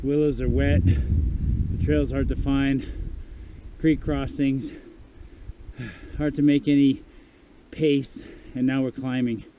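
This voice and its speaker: A man's voice: mid-range voice, slow pace, pauses often. Awestruck man in his fifties on a trail. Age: 50s. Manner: awestruck, exclaiming often, speaks to viewers directly. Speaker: hiking vlogger. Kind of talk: casual vlog narration on the trail. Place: outdoors on a mountain trail. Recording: tinny, thin sound with loud wind noise.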